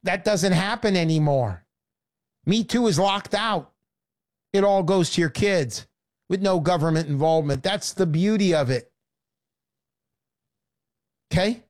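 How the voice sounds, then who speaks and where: A woman hosting a sarcastic, animated sales pitch monologue.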